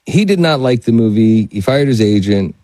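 A man, a guest actor, telling casual anecdotes in an interview, animated and laughing through the quoted bits. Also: lowish voice, moderate pace, no echo, rough recording.

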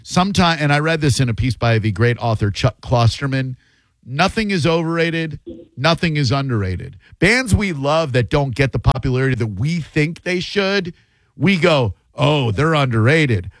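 A man's voice: mid-range voice, lively intonation, normal speed, no room sound. A man hosting a call-in radio show, talking in a wry, joking and opinionated way into a studio microphone.

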